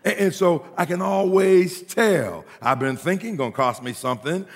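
A male pastor preaching a sermon to a congregation, with humorous asides and call-and-response that builds to shouting. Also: high voice, normal speed, creaky, in a large hall.

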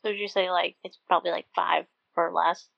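A woman co-hosting a podcast, chatting about a movie in a casual, halting way with many fillers. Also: fairly low pitch, little pitch movement, creaky, no room sound, muffled recording. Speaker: podcast co-host. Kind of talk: casual movie recap chat.

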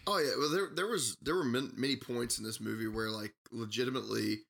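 Gravelly, ranting man. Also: medium pitch, quick pace, a bit bright. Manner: exasperated, profane ranting. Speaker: podcast co-host. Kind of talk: casual movie podcast chat.

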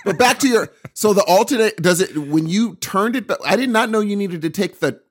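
A man co-hosting a casual chat, animated and easily amused. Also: high-pitched, fairly quick. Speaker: podcast co-host.

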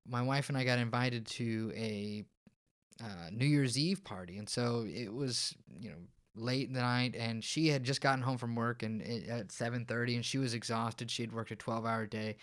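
A man's voice: mid-range voice, smooth. A man, a counselor guest on a podcast interview, explaining and telling stories with frequent restarts. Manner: explanatory, storytelling, many restarts.

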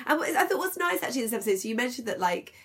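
A woman's voice: fairly high pitch, very fast, slightly rough. A woman co-hosting a casual podcast about a TV episode, talking animatedly and acting out characters' lines. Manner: animated, acts out lines in voices. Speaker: podcast co-host. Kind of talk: casual chat reviewing a TV episode.

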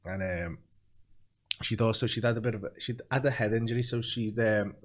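A man's voice: on the low side, a little fast. Male podcast host telling rambling stories. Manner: rambling anecdotes, laughs often, swears. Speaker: podcast host and comedy club compere. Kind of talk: casual podcast chat.

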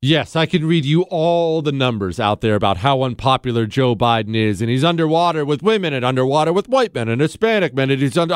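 Male talk host, high pitch, smooth crisp voice, dry studio sound, combative and sarcastic monologue. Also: dry recording. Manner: combative, sarcastic, acts out imagined dialogue. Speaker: radio talk show host. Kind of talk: opinion monologue.

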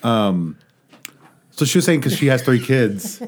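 A man's voice: mid-range voice, big pitch swings, unhurried. A man talking casually and rambling through comic plots with friends. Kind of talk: casual podcast chat.

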